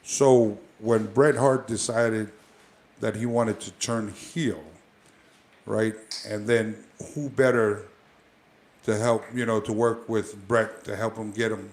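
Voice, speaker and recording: A man's voice: lowish voice, steady tone, slow pace. A man, a former pro wrestler, telling stories as a guest in a casual interview, rambling with many fillers and restarts.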